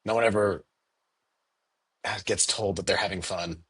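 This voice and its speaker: A man with a low, slightly husky voice, recorded close and dry with no room around him. He chats casually in an interview about running his store. He keeps lively and breaks into quick quoted lines in a higher voice. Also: no room sound. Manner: animated, acts out quotes in a raised voice. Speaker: candy store owner.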